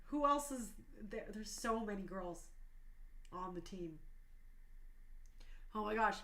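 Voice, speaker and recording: A woman's voice: mid-range voice, animated, slow, fairly bright tone. A woman in her thirties hosting a talk show stream, speaking passionately and emotionally, tearful at times.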